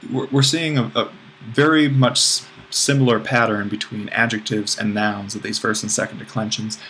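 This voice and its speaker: A man who is a teacher, giving a casual lecture with worked examples in a relaxed, self-deprecating way, thinking aloud as he goes. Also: fairly low pitch, normal speed, slight background noise.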